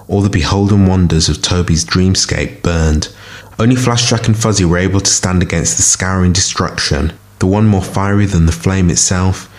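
A man giving a measured, dramatic scripted fiction narration as a story reader. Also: low-pitched.

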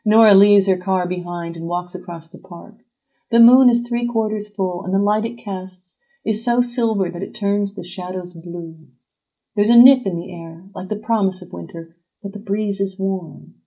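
Woman narrator, measured storytelling, mellow warm tone, mid pitch. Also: rough recording. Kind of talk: scripted narration.

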